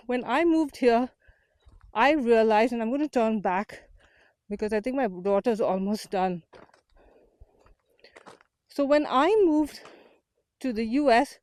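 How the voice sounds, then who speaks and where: She speaks at a measured pace with frequent pauses, her voice on the high side and a little mellow, in a dry recording. The speaker, a woman from India who founded a community, hosts an unedited outdoor walk-and-talk vlog on a small portable mic, earnest, motivational, and a bit breathless from walking uphill.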